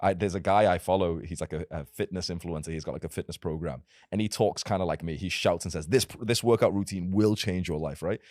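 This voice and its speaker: A man's voice: sits low, brisk, hardly any pauses, darkish tone, no room sound, clean studio sound. A young man in casual podcast conversation, talking as a self-improvement creator in a blunt, emphatic and provocative way.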